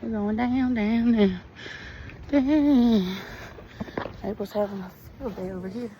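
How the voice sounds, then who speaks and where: A woman's voice: fairly high pitch, takes it slowly, lo-fi sound. A woman vlogging on a hilly outdoor trail, out of breath, panting and chatting to her viewers. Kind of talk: casual walking vlog. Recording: outdoor phone recording with loud background noise.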